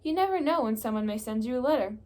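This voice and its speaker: A woman's voice: on the high side, animated, fast talker, darkish tone, close to an everyday voice. A young woman voicing an earnest, cheerful male frog in a storybook reading, speaking in an eager, coaxing way.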